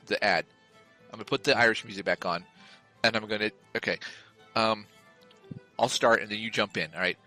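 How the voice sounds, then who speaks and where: A man co-hosting a podcast, telling absurd deadpan jokes in casual chat and reading a mock ad. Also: on the low side, fairly quick, long pauses, soft background music. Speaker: podcast co-host.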